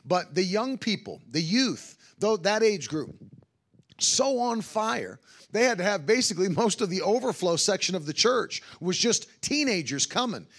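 Fervently recounting testimonies, the traveling revival preacher punctuates his sermon storytelling with hallelujahs and repeats others' words in his own voice. His voice sits high and sing-song, a bit bright with a breathy edge, at normal speed.

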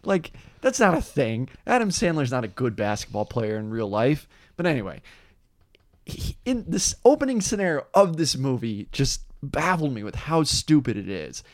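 A man ranting through a casual chat with a lively, swooping delivery that rises and falls a lot. His voice sits at an ordinary middle pitch. The sound is dry and close. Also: moderate pace, no room sound. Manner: animated, ranting storyteller.

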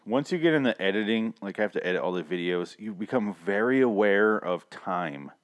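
Male podcast co-host, low voice, rambling and sweary, keeps clearing a sore throat. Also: lively intonation, fairly quick. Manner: rambling, swears freely, laughs often. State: throat irritated, clearing it often. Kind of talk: casual profane chat.

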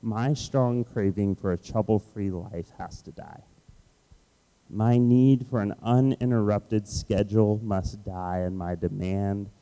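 A man with a low, dark, mellow voice gives a sermon. He tells a story about himself with lively storytelling and plays up his own frustration. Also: slow pace, low-quality recording. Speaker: pastor. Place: Washington, D.C.

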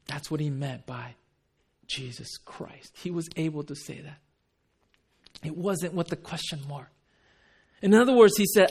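A man preaching a sermon. He drops to hushed tones and acts out quoted pleas. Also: mid-range voice, unhurried, gravelly, breathy edge. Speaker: pastor.

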